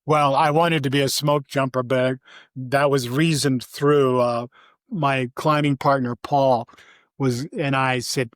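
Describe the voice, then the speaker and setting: A man's voice: fairly even intonation, measured pace, no room sound, clean studio sound. An older man telling stories from his life in a casual interview. He rambles and halts, with many restarts and fillers. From Vermont, USA. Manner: briefly mimics his mother in a high voice. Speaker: interview guest.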